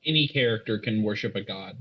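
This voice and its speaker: A man narrating a tabletop game as game master, measured and descriptive. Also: on the low side, husky, dull audio.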